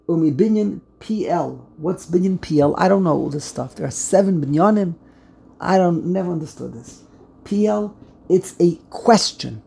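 Woman teaching, gravelly husky voice, dark tone, halting then emphatic. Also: on the low side. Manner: reads slowly, stumbles and restarts, then gets emphatic. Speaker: Torah study teacher. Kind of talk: thinking-aloud text study lesson.

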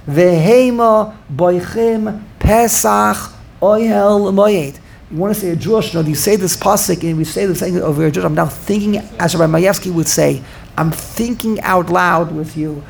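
A man giving an informal Torah class, thinking out loud and repeating phrases for emphasis while answering students. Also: high voice, normal speed, vocal fry, slight background noise. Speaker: Torah teacher.

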